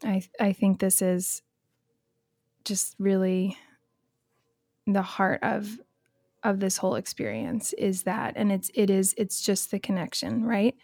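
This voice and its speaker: A woman podcast host who listens with warm affirmations and talks in halting, restarting phrases. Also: medium pitch, dry recording, studio quality. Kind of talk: casual podcast conversation.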